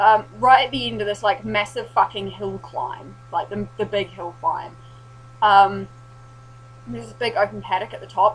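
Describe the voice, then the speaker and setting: Young New woman, casual vlogger, animated and sweary, mid-range voice, faint hum under the recording. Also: mid-range voice, poor audio. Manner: animated, sweary, laughing storyteller. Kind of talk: casual storytelling recap.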